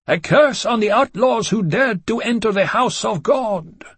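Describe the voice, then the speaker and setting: A man's voice: high voice, big pitch swings, measured pace, vocal fry, fairly bright tone, breathy edge, no room sound, pitched above the performer's own voice, heavily acted. A man screaming as a shrieking mob of fanatic vampires. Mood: cursing. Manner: screaming curses, frenzied.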